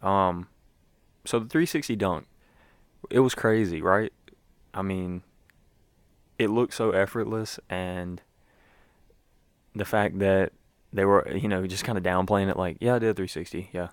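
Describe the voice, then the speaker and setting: A man's voice: low voice, steady tone, measured pace, pauses often, clean tone, no echo, studio quality. A man hosting a sports podcast, talking in a loose, rambling way with plenty of fillers. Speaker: podcast host. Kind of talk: casual sports podcast talk.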